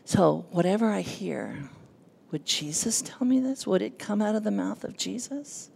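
A nervous woman giving a personal testimony to a congregation, animated and self-deprecating, acting out the voices in her story. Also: medium pitch, moderate pace, creaky, slight background noise. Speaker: church speaker giving testimony.

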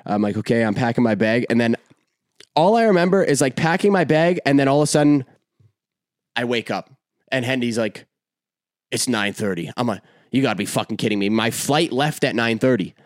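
A young man hosting a podcast, telling a rambling, profane, animated story in casual chat. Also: medium pitch, a little fast, no room sound, clean studio sound. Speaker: podcast host.

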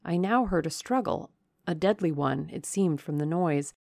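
A woman reading a classic novel aloud as an audiobook narrator, measured and dramatic. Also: sits low, creaky, darkish tone, no room sound, clean studio sound.

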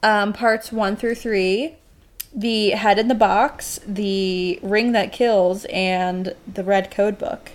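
A young woman co-hosting a podcast in loose, animated banter. She swears casually and laughs often, with a medium pitch. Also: slow pace. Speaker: podcast co-host. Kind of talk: casual chat.

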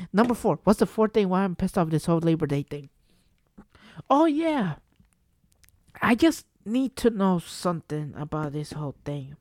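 In a clean studio recording free of echo, a New Jersey man with a fairly high, slightly mellow voice rants on his solo podcast. The casual tirade is exasperated and profane, full of rhetorical questions.

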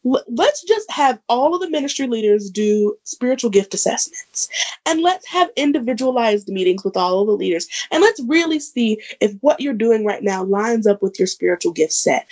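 A woman's voice: a little high, animated, normal speed, a little mellow, highs cut off. A woman co-hosting a casual church-talk podcast, talking freely with lots of "like" and "um". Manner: talkative, frequent "like" and "um" fillers. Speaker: podcast co-host.

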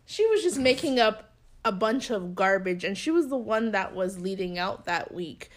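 This is a casual podcast chat where a young woman co-host tells a story animatedly, acting out those she quotes, in a mid-range voice at a moderate pace.

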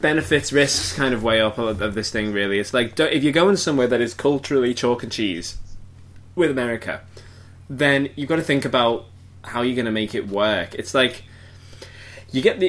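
Brit guy hosting a film chat, opinionated, middle pitch. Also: moderate pace. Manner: animated, opinionated, steers the chat. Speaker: film review podcast host. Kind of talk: casual chat.

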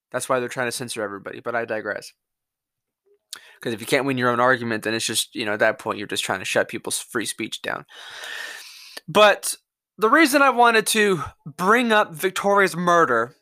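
A man's voice: fairly high pitch, sharp tone, no echo, studio quality. A man hosting his own podcast, delivering an angry, profane, rambling solo rant. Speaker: podcast host.

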